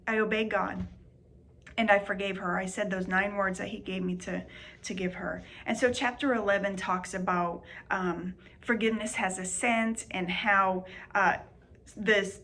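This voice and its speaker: A woman's voice: medium pitch, unhurried, pushed and bright. A woman author reading from her memoir and then teaching a Bible study, speaking earnestly and repeating phrases for emphasis.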